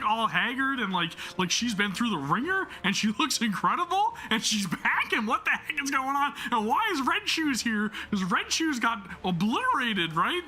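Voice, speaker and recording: His voice is very high as this gaming host gets worked up over a game's story, cursing, laughing and fumbling his words while pausing to read the narration aloud.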